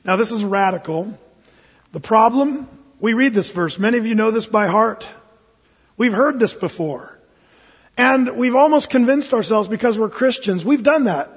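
High-voiced man preaching in an echoing hall. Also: moderate pace, breathy edge. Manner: earnest, emphatic preaching with rhetorical questions. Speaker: pastor. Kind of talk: sermon. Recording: dull sound with long hall reverb.

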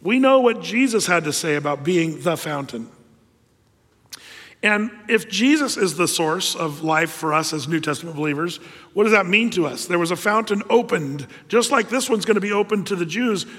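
A man with a noticeably high voice delivers a sermon, retelling scripture with animated, storytelling energy. His voice carries through a large hall with a long reverberant tail. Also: moderate pace. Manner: animated storytelling, acting out biblical figures. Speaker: pastor.

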